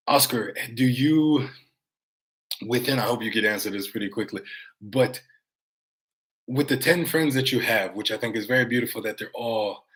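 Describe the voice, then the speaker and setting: A man's voice: on the low side, a bit bright. An American man vlogging live, chatting casually to his viewers in a rambling, conversational way, reading their comments aloud and swearing now and then. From United States.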